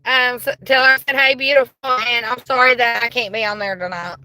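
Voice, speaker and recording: Woman streaming a ghost hunt from her car phone, bright and a bit high, polite then gushing. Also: fairly quick, dry recording, low-quality recording. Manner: polite to spirits, bursts of excited squealing. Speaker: paranormal livestreamer. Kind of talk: livestream ghost investigation. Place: inside a car.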